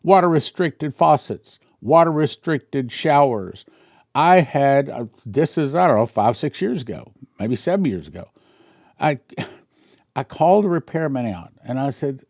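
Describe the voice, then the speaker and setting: A man's voice: medium pitch, sing-song, a little slow, darkish tone, no room sound, studio quality. A man who is a pastor, giving casual commentary in an emphatic way, with rhetorical questions and chuckling asides.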